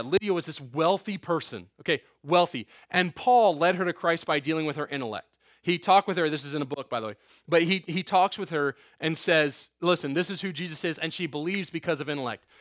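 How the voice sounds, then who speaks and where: A man's voice: a little high, a bit bright, dry recording, studio quality. A man preaching a sermon as a youth pastor, conversational, with joking asides and frequent "okay?" check-ins.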